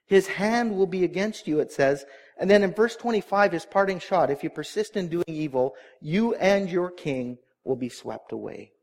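A middle-aged man preaches a sermon in a slightly high voice. He is earnest and animated and often turns to the congregation with asides. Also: normal speed. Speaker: pastor.

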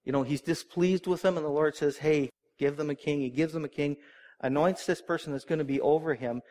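Male pastor, middle-aged, slightly high-pitched, earnest sermon delivery with congregational asides. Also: steady tone, fairly quick, a little mellow.

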